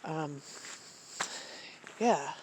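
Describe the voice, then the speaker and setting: A woman's voice: deep voice, expressive, drawn-out words, background noise. A middle-aged woman from Maine, talking outdoors in the woods in a reflective, hesitant monologue full of ums and restarts. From Maine, USA. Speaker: vlogger.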